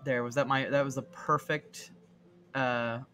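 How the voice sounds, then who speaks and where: Silly, rambling male streamer, bright tone, music faintly underneath. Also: medium pitch, steady tone, unhurried. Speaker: art streamer. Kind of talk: casual live-stream chat. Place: home streaming setup.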